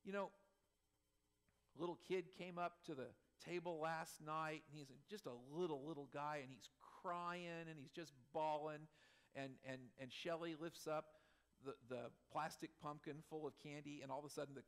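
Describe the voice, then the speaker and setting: A middle-aged man preaching a sermon as pastor, animated, swinging between loud emphasis and soft asides with chuckles. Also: on the high side, moderate pace, clean tone.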